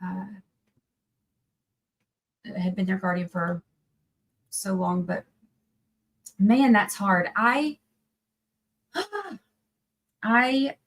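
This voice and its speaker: A tired woman talks loosely to her livestream viewers. She rambles, trails off, and restarts her sentences, and her pitch sits in a middle range. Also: drawn-out words, long pauses, slight background noise, rough recording. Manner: chatty, rambling, breaks off mid-sentence. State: tired from little sleep. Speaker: livestream trial commentator. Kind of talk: casual livestream chat.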